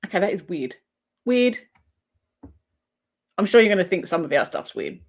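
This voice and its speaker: A woman's voice: on the low side, big pitch swings, normal speed. An Australian woman hosting a casual livestream, giggling often and chatting as she reads viewer comments aloud. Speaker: crochet livestream host. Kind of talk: casual live-chat banter.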